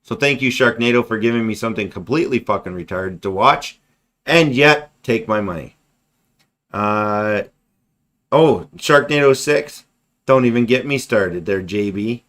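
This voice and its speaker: A man in his forties hosts a livestream, ranting bluntly and sarcastically with plenty of swearing in casual commentary. He's losing his voice, so it sounds a bit strained, though it stays on the low side, fairly bright, a little slow and lively in intonation.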